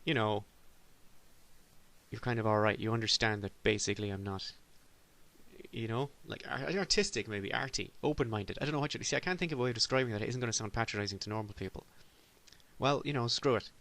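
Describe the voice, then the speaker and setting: A man's voice: on the low side, quick pace, a bit bright. Rambling, exasperated male podcast host. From Ireland. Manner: rambling, self-deprecating, with sudden exasperated outbursts. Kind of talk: solo comedic monologue.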